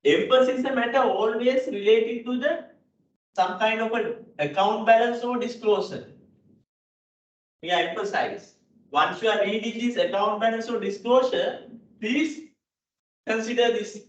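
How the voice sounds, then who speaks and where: A Sri Lankan man lectures on accounting in a lecture hall, repeating key points and checking in with "right?". His voice sits high at a normal speed. The hall audio is dull, echoey, and captured from a distance.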